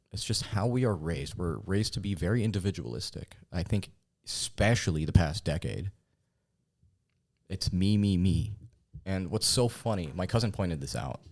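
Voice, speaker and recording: A man's voice: low-pitched, lively intonation, normal speed, darkish tone. A man who hosts a podcast, chatting casually and telling laid-back stories, acting out the voices of people he quotes. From Palestinian. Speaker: podcast host. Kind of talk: casual chat.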